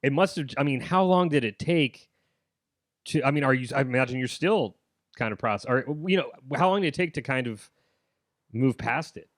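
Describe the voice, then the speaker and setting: A man hosting a podcast interview, asking halting questions and often murmuring agreement. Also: medium pitch, expressive, no echo, studio quality. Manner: halting, with frequent backchannel agreement. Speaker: podcast host. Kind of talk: casual interview.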